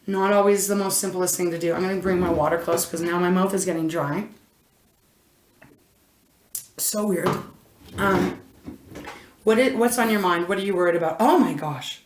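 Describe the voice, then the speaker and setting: A woman's voice: fairly low pitch, a little fast, roomy sound, a little hiss or hum. A woman giving an intuitive card reading to camera, chatty and rambling, breaking off often to exclaim and restart. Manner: chatty, rambling, self-interrupting, frequent "oh my gosh". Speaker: intuitive tarot reader. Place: indoor room. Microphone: camera mic.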